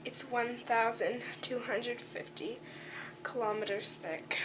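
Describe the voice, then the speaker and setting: A teenage girl narrating an amateur school skit as an explorer, halting with many fillers while reciting facts. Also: fairly high pitch, flat delivery, distant mic, background noise. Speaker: student explorer presenting a school project. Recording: music playing over the voice.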